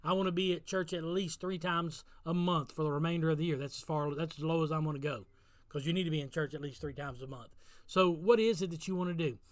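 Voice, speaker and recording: A man's voice: on the high side, fast talker, no echo. A male pastor giving a devotional talk, exhorting and repeating phrases as he builds to emphatic peaks. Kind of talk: sermon-style devotional talk.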